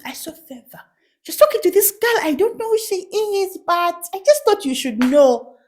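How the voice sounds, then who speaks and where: A woman voicing a gossiping churchgoer with a Ugandan accent, tattling to the pastor in a high sing-song voice. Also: sing-song, normal speed, darkish tone.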